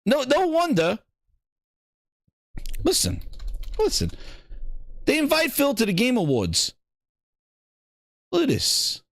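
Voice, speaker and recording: A man's voice: very high-pitched, wildly swooping pitch, slow, gravelly, long pauses, a bit bright, no echo, clean studio sound. A man hosting a gaming show, riffing in a profane, mocking, rambling way as casual reaction commentary.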